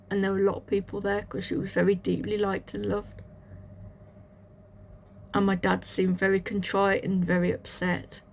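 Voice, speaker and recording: A woman telling her personal testimony in a halting, reflective way, with restarts and fillers. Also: mid-range voice, creaky, a little mellow, a little hiss or hum. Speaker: channel host sharing a testimony.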